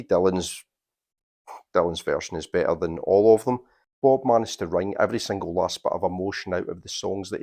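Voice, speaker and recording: A man with a very low voice talks warmly and eagerly about records from his collection. He speaks in a casual vlog style and holds up sleeves and box sets as he goes. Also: creaky. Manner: chatty, enthusiastic, shows records while talking. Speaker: vinyl collector vlogger.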